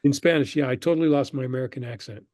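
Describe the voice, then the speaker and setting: An older man, a guest on an interview show, telling relaxed stories about his past and acting out the people he quotes. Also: medium pitch, very fast, no room sound, clean studio sound. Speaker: guest, screenwriter and professor. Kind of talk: conversational interview storytelling.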